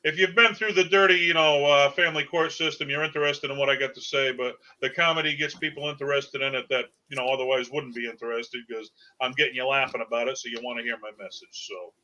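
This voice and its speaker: Bright-voiced Boston comedian. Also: male voice, mid-range voice, fairly even intonation, quick pace, hardly any pauses. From Boston area. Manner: jokey, rambling with frequent uhs. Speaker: guest comedian. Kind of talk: casual interview chat. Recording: lo-fi dull audio.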